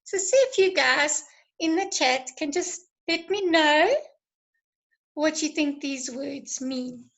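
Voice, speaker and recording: A woman teacher giving an online lesson, encouraging and praising students, her voice going a little hoarse from talking a lot. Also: high-pitched, slow pace, a bit bright, poor audio. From South Africa. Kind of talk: online lesson with live chat.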